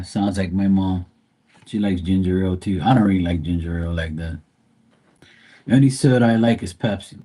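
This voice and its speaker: A man's voice: sits low, warm tone, breathy edge. A man hosting a live stream, chatting casually with viewers in a blunt, profane, rambling way. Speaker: livestream host.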